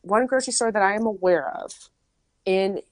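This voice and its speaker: A woman's voice: mid-range voice, normal speed, no echo. A woman host from Minnesota chatting casually, telling a story with lots of asides and "like". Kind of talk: casual chat.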